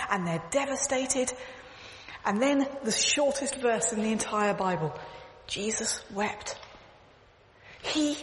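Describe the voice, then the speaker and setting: A woman giving an earnest, emphatic sermon, repeating phrases as she tells stories. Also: a little high. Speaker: church speaker. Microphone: clip-on mic, echoing. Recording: echoey hall, faint background noise.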